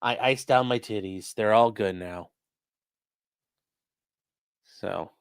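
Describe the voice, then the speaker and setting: A man's voice: fairly low pitch, moderate pace, clean tone, dry recording. A man commentating on news in a casual live stream, crude and mocking, reading chat messages aloud.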